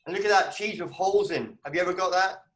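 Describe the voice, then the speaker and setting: Scottish comedian guest, animated storyteller, fairly high voice, roomy echo on a video call. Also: male voice, fast talker. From Scotland. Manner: animated, bursts into high exclamations. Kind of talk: casual video call chat.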